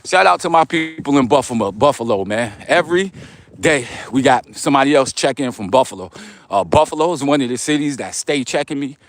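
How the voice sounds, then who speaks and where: A man's voice: mid-range voice, animated, a little fast. A middle-aged man with a New York accent, walking outdoors before dawn and reading live chat comments aloud in a laid-back, streetwise way. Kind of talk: casual livestream chat while walking.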